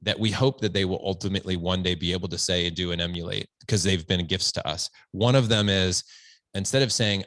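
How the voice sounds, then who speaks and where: A man's voice: deep voice, fast talker, a bit bright, no echo. A man talking as a podcast guest, earnest and reflective, often restarting his phrases. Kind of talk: conversational interview. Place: at home, standing.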